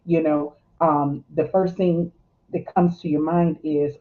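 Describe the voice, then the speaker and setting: Life coach guest: woman, thoughtful, halting, tinny phone-line audio. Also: deep voice, fairly even intonation. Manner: thoughtful, halting, many restarts. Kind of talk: live chat interview.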